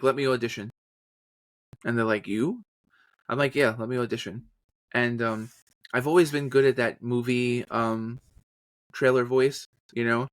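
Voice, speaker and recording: A man chats loosely about his work, full of energy and quick to jump into impressions. His voice sits at a middle pitch. The sound is dry and close, with no room around it. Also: no echo. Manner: animated, slips into trailer and character voices. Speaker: podcast guest, voice actor and journalist. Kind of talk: casual storytelling interview.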